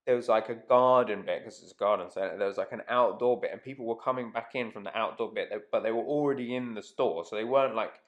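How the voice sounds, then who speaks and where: A man's voice: on the low side, fast, hardly any pauses. A man telling a rambling, casual anecdote to camera, swearing freely and trailing off mid-sentence. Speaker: vlogger.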